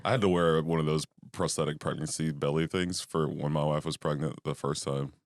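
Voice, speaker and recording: A man co-hosting a casual movie podcast, laughing a lot and adding quick quips. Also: a bass voice, fairly even intonation, no echo, studio quality. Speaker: podcast co-host.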